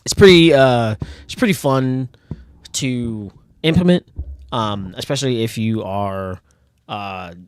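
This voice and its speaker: Taking it slowly in a medium-pitched, clean-toned voice with no room sound, a comic artist who hosts a channel talks casually about his own comic and reads from it. Bothered by his nose, he rambles with many fillers and laughs often.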